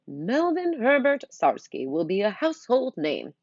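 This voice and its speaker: A cranky, self-important old scientist stuck in a thirteen-year-old boy's body, as a woman reading a storybook aloud puts him on. He talks indignantly and grandly, with a raised, raspy voice. The recording sounds dull and lo-fi. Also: deep voice, animated, brisk, no room sound, exaggerated voice. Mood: boastful.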